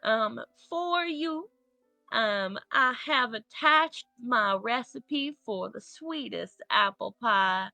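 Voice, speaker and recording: A woman's voice: a little high, animated, takes it slowly, vocal fry, sharp tone, no room sound, soft background music, full character voice. A woman voicing a loving homesteading mother who misses her child, in an attempted Southern accent and a tender, doting manner.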